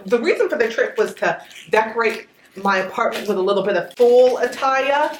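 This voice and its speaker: A young woman, chatting casually to viewers in a vlog and calling them y'all. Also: medium pitch. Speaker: vlogger. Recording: roomy echo.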